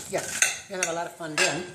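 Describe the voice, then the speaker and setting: Guy doing a silly cooking show, deadpan dad jokes, echoey kitchen with dishes clanking. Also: on the high side, measured pace, very noisy. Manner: deadpan punning, dad jokes, trailing asides. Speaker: host of a joke home cooking show. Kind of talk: rambling mock cooking demonstration. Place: home kitchen. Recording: echoey kitchen with clattering pots and cutlery.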